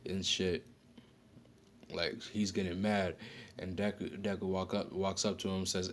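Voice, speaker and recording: A man's voice: low-pitched, flat delivery, measured pace, pauses often, a little hiss or hum. A man casually telling an improvised story, rambling with slang, fillers and frequent self-corrections.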